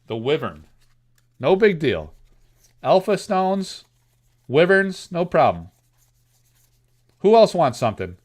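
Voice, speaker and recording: Excitable young guy running a card-opening livestream, kinda high voice, pitch all over the place, ribs himself a lot. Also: slow pace, long pauses. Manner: excitable, self-mocking, talks straight to chat. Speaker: host of a live card-opening stream. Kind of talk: casual live-stream chat.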